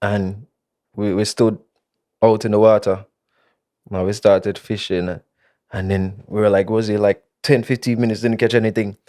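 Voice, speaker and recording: A man's voice: fairly low pitch, flat delivery, normal speed, dark tone. A young man from Jamaica hosting a casual podcast chat, telling stories with lots of fillers. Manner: chatty storyteller, many fillers and laughs. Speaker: podcast host.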